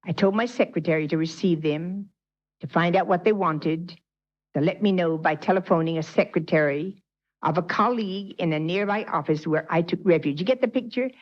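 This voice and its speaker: A woman's voice: on the low side, moderate pace. A woman, a spiritual teacher, reads a story aloud to her class and breaks off to quiz her listeners. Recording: dull lo-fi 1980s tape.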